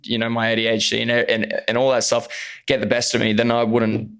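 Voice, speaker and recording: A man's voice: medium pitch, monotone, fairly quick, fairly bright tone, smooth. A man, an actor speaking as a podcast guest, talking earnestly and openly in casual conversation with plenty of fillers. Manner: earnest and open, many fillers.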